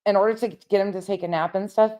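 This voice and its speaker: A woman's voice: medium pitch, fairly even intonation, fast, warm tone. A woman hosting a casual late-night livestream, talking straight to her viewers, swearing often and getting heated. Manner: paces around while talking. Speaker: livestream host reading chat.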